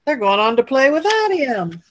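A woman librarian reading a picture book aloud at a library storytime, pausing for chatty asides to children. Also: high voice, very animated, dull audio. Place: public library.

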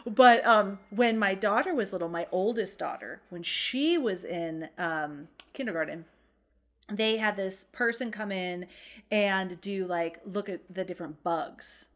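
Woman in her thirties, mid-pitched, chatty, self-deprecating podcast co-host. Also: measured pace. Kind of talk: casual chat.

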